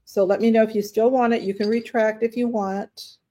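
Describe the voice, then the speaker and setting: A woman's voice: on the high side, fairly even intonation, a little fast. A woman running a live online auction, chatting casually about each item and talking to bidders. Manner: chatty, rambling, warm toward bidders, many fillers. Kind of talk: casual live-stream selling chat.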